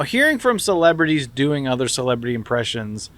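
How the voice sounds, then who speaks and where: A man's voice: on the high side, unhurried. A man co-hosting a comedy podcast, riffing playfully in casual chat. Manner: playful, riffing on absurd tangents. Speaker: podcast co-host.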